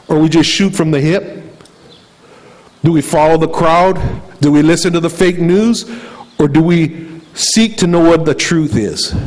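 A man preaches a sermon in a somewhat high voice. He fires off rhetorical questions and then slows down to repeat short key phrases. His pace swings between quick runs and drawn-out emphasis. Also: darkish tone, rough recording.

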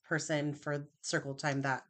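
A woman's voice: deep voice, little pitch movement, unhurried, fairly bright tone, a little hiss or hum. A woman teacher in a casual chat, steadily explaining how her classroom works.

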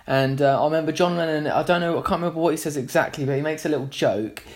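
A man's voice: on the high side, quick pace. A man, a musician, telling a long casual anecdote in a rambling way, full of fillers and restarts.

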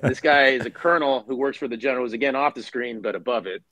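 A man's voice: mid-range voice, fast talker, no room sound, rough recording. A man in his forties, a former Marine officer, telling stories in a casual interview and acting out the voices of people in them. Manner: animated storyteller who acts out voices in anecdotes.

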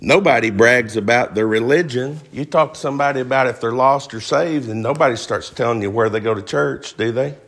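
A man preaching with emphasis, his voice sitting at a middle pitch. He keeps asking his listeners rhetorical questions, pressing each point home. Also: fairly quick, few pauses, fairly bright tone. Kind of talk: sermon.

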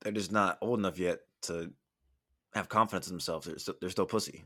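A young man with a bright, forceful voice, on the lower side of pitch, chatting casually as a podcast host. He tells stories in a loose, profane, animated way, and he comes from Southern California. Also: fairly quick, breathy edge. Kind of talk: casual chat.

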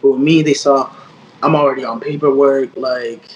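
A man's voice: mid-range voice, steady tone, normal speed, highs cut off, crowd noise. A young man in his twenties, a guest artist telling a story in casual, slang-heavy speech full of fillers and quoted dialogue.

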